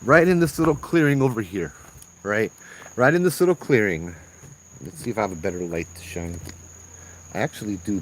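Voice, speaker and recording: A man with a low, mellow voice leads a ghost tour along a trail at night. He tells the stories animatedly, acting out what people said and often restarting his sentences. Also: poor audio. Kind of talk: storytelling on a walking ghost tour.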